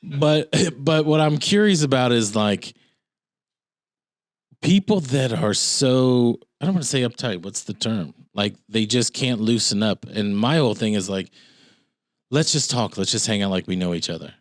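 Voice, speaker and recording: A man's voice: mid-range voice, animated, normal speed, no room sound, studio quality. A man co-hosting a podcast who talks loosely and rambles between jokes. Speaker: podcast co-host. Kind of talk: casual chat.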